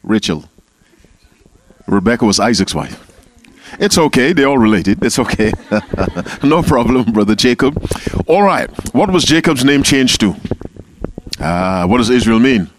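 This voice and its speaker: A man's voice: mid-range voice, very animated, unhurried, a little hiss or hum. A man leading an interactive Bible class, calling on members by name and repeating key phrases. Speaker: Bible teacher.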